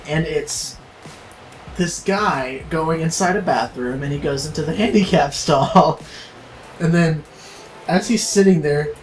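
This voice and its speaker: A woman's voice: low voice, a little mellow, a little hiss or hum, poor audio. A woman co-hosting a casual comedic podcast, swearing freely and laughing often. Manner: crude, laughs a lot. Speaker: podcast co-host.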